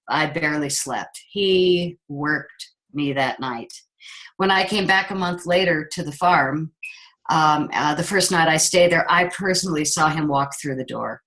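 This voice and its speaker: A woman's voice: on the low side, poor audio. A middle-aged woman filmmaker telling a personal story in an interview, acting out what others said. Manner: animated storyteller, acts out quotes of others.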